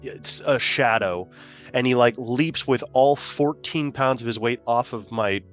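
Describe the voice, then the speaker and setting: A man's voice: medium pitch, unhurried, fairly bright tone, faint music behind. Rambling, profane man telling a story. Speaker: player. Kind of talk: casual chat.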